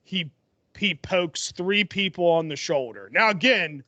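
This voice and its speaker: A young man co-hosting a podcast, telling a story in an excited, rambling way and restarting his sentences. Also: high-pitched, measured pace, no room sound, muffled recording. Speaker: podcast co-host. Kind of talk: casual chat.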